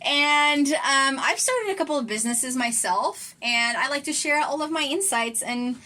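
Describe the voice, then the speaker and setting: A woman's voice: high voice, animated, normal speed, sharp tone. A woman in her twenties talking casually to camera in a vlog, chatty and enthusiastic. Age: 20s. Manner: chatty and enthusiastic, many fillers. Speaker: entrepreneur vlogger.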